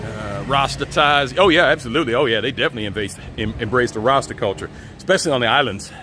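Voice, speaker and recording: A man hosting a casual walk-and-talk live stream outdoors, relaxed and chatty, reading the chat aloud and laughing often. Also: mid-range voice, quick pace, a little hiss or hum. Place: outdoors on city streets, walking.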